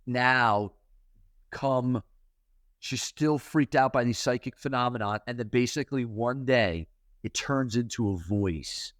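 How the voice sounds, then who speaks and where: Middle-aged man, spiritual talk host, casual storytelling, filler-heavy, mid-pitched voice, dry close sound. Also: a little slow, fairly bright tone, dry recording. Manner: loose and chatty, filler-heavy.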